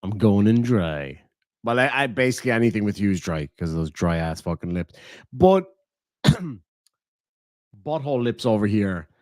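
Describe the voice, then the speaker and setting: Irish male streamer, crude and mocking, very lively pitch, dry close sound. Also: moderate pace, long pauses, no room sound. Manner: mocking, profane, laughing. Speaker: commentary streamer. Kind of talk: casual reaction commentary.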